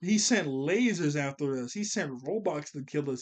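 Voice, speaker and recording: A young man giving a casual, animated episode review, slangy and laughing often as he recaps. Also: fairly high pitch, normal speed, few pauses. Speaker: cartoon reviewer.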